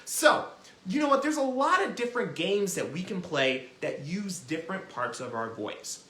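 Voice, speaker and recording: A man teaching young children with a bright, sharp tone and a very lively, swooping delivery. He explains and demonstrates in an encouraging way. The room is echoey around him. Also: high-pitched, normal speed. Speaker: children's music teacher and host. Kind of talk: children's lesson.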